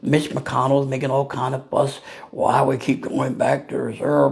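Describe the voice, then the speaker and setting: A man talks straight to camera in a loose, ranting style. He fires off rhetorical questions and chuckles at his own jokes. His voice sits in a middle pitch range. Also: steady tone, moderate pace, vocal fry. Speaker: vlogger. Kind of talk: casual political rant.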